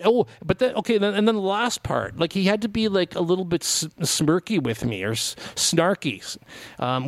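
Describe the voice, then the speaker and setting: The speaker is a middle-aged community radio host whose voice is a little high, captured without any room sound. He tells a rambling, casual story, acting out both parties and peppering it with "like" and restarts.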